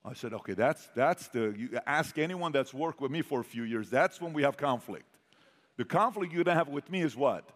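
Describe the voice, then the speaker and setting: A man of middle pitch speaks as a motivational speaker, telling a story to a live crowd. He fires questions at the audience and drops from loud bursts to near-whispers. His voice carries a long reverb, as in a large hall. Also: moderate pace. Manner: animated, quizzes the audience, swings from loud to hushed.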